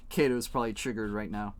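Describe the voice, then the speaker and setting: Joking, rambling young male streamer. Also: fairly high pitch. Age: young adult. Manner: joking, rambling, swears freely. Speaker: live streamer. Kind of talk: casual live-stream chat while coloring.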